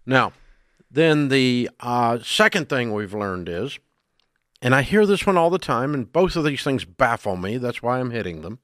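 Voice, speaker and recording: A man's voice: mid-range voice, sing-song, a little slow, a bit bright, no echo, clean studio sound. Blunt scolding Southern radio host man. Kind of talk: radio talk show rant.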